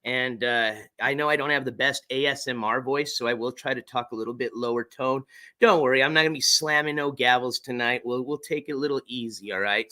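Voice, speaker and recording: A man's voice: mid-range voice, a little fast, pushed and bright. A man hosting a casual livestream chat, laid-back and rambling, swearing now and then. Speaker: streamer.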